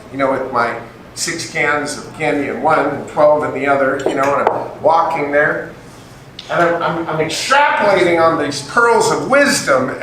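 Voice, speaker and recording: Older man telling stories in an echoey room. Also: a little high. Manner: animated, acts out dialogue in the story. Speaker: guest speaker. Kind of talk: storytelling talk to a group. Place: meeting room with an audience. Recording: echoey room, distant mic, faint noise.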